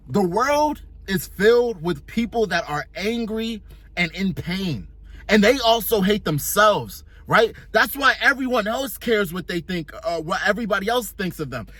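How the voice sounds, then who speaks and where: This young vlogger has a high voice with a sharp tone, recorded without echo. His casual motivational talk is blunt, slangy and profane, built around a drawn-out analogy.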